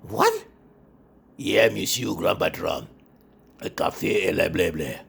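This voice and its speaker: A man's voice: low-pitched, unhurried, creaky, fairly bright tone, slightly rough. A man who is a comedian, giving a mocking, satirical comedy monologue. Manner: mocking, jumps into exaggerated character voices.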